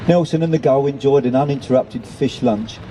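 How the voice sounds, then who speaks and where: A man's voice: medium pitch, brisk, dark tone, a little hiss or hum, poor audio. A man reading a children's story aloud, with chatty self-deprecating asides to the listeners. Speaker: reader.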